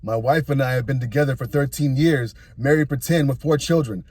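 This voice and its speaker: A man's voice: medium pitch, fairly quick, a little mellow, husky, no echo. A man in his thirties narrating a personal story, reading a written account with dry asides.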